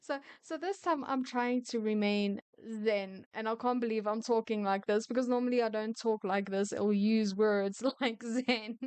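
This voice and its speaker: Woman storyteller, smooth clear tone, dry close sound, chatty and quick to vent. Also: a little high, a little mellow, no room sound. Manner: opinionated, chatty, quick to rant. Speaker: storyteller reading retail stories. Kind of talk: casual story reading with commentary.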